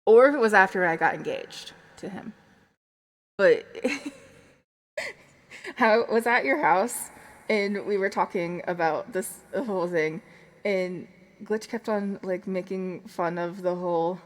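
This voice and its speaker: A woman's voice: medium pitch, slow, pauses often. A young woman streamer chatting casually between songs, rambling, joking at her own expense and laughing often, with reverb on her voice. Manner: self-mocking, joking.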